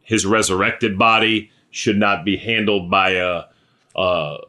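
A man's voice: fairly low pitch, steady tone, pushed and bright. A man preaching a sermon in a conversational way, often checking in with "right?" and "okay?" and sometimes restarting his sentences. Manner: halting, with restarts and fillers. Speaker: pastor.

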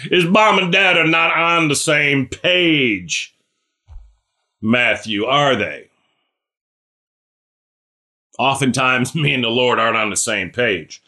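Bright-voiced man preaching casually. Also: mid-range voice, slow pace. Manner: chatty, asks listeners questions by name; animated, acts out scripture characters. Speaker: pastor. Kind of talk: conversational sermon.

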